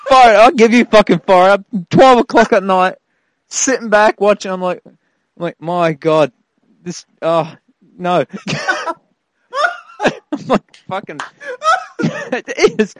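A man's voice: high-pitched, sing-song, slow pace, pauses often, rough recording. A man co-hosting a casual podcast, swearing a lot and laughing through mock-outraged rants. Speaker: podcast co-host. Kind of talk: casual chat.

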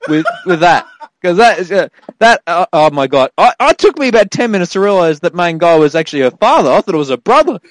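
A man rants about a film in casual podcast chat. He swears freely and laughs as he goes, his pitch swinging widely and sitting a little high for a man. The sound is dry and close, with no room echo. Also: big pitch swings, fast talker. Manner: profane, laughing, mock-outraged ranting. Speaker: podcast co-host.

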